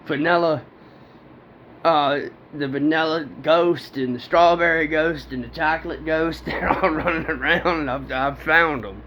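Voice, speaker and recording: A man with a fairly high, somewhat bright voice tells a rambling, profane story about a personal encounter at a measured pace, laughing often. The recording is dull and lo-fi, with faint background noise.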